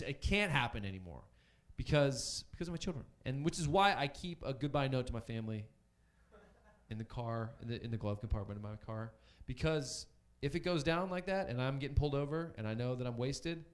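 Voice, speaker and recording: A man working a comedy club crowd, loose and self-mocking with plenty of ums. His pitch rises and falls a lot. He talks into a handheld stage mic. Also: expressive, fairly quick. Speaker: stand-up comedian. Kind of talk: stand-up comedy set.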